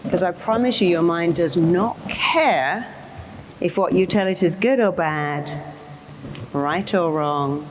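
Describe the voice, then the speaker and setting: A woman's voice: on the low side, slow, a little hiss or hum, rough recording. A woman therapist giving a motivational talk to an audience, speaking emphatically and acting out the inner voices of her listeners.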